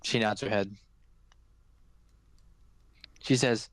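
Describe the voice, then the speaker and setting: A man's voice: mid-range voice, normal speed, a bit bright, smooth, no room sound. A man narrating a tabletop game as game master, in a loose, chatty way with fillers.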